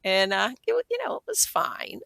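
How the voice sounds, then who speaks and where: Older woman guest, gravelly voice, dry close sound, earnest storyteller who plays out old conversations. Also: medium pitch, wildly swooping pitch, normal speed, fairly bright tone, no room sound, rough recording. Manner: earnest, reflective, acts out remembered dialogue. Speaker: podcast guest. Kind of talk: personal storytelling in an interview.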